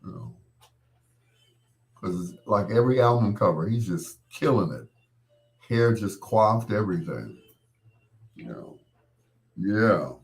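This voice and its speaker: A man's voice: lowish voice, expressive, slow, pauses often. A man working as a late-night radio DJ, chatting in a laid-back, storytelling way with casual slang.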